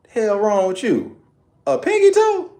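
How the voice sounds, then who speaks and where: A man putting on the voice of his older mother, brash and profane, scolding him loudly. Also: very high-pitched, very animated, measured pace, voice pushed up, exaggerated voice. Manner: loud, incredulous scolding.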